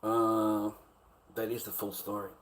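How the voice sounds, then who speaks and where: A man's voice: fairly low pitch, little pitch movement, measured pace. An Australian man telling a workplace grievance in a blunt, repetitive rant with heavy swearing. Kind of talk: ranting monologue.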